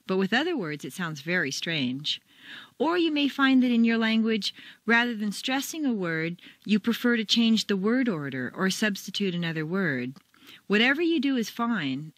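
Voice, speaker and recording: Woman coaching with lively intonation. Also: medium pitch, dry recording. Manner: clear, deliberate, demonstrates stress patterns. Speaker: accent coach. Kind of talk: scripted instructional narration.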